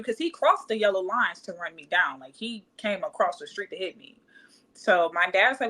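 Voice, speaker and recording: Woman, thirties, casual storyteller, bright clear voice, acts out quotes. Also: mid-range voice, moderate pace. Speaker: guest telling her life story.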